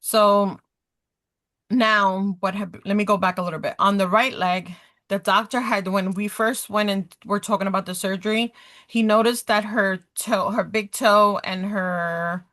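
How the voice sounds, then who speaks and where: Bright-voiced woman telling an animated story. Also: medium pitch, a little slow. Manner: animated, acts out quoted dialogue, talks with her hands. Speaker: podcast guest. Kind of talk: casual storytelling chat.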